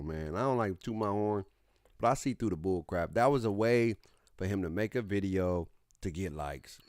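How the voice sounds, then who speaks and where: A man's voice: fairly low pitch, dry recording, clean studio sound. A man hosting a gaming livestream, chatting casually in a laid-back, slangy way, repeating himself as he talks to his viewers. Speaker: streamer host.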